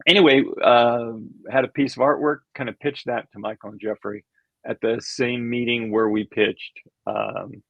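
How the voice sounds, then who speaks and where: A man's voice: medium pitch, lively intonation, normal speed, creaky, a bit bright, no room sound. An older man, an animation creator, telling rambling anecdotes in a casual interview, chuckling and acting out quoted voices. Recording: dull lo-fi sound.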